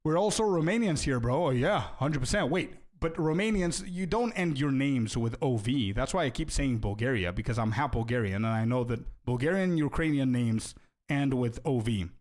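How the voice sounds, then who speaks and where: A young male streamer talks loosely to his chat in a middle-pitched voice. He breaks into quick laughs and trips over his own restarts. He drops "bro" and "dude" all through his chatter. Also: darkish tone. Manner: laughs often, halting restarts, calls people bro and dude. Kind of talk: casual livestream chat, thanking donors.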